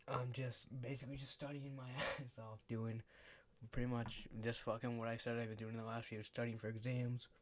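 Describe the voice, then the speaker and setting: A teenage guy chatting through a casual storytime vlog. He rambles, drops plenty of fillers and swears freely, and his voice sits at an ordinary male pitch. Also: flat delivery, normal speed, a little hiss or hum. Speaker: vlogger.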